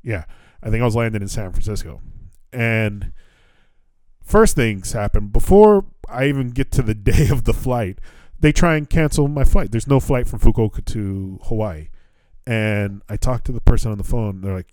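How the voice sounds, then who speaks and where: A man's voice: fairly low pitch, moderate pace, a little mellow, no room sound. A man, a podcast host in his thirties from the United States, telling a long travel story in casual chat, swearing often and acting out both sides of the conversations. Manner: profane storytelling with laughs and quoted dialogue.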